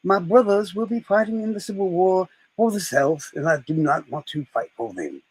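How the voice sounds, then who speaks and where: A man's voice: high-pitched, animated, moderate pace, slightly rough, low-quality recording. A man doing a formal old-time general. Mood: polite. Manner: polite, formal.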